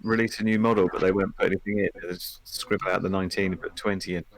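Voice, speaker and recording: A man's voice: sits low, steady tone, fast talker, rough recording. A man co-hosting a podcast, joking in casual banter with a mock-formal touch. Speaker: podcast co-host.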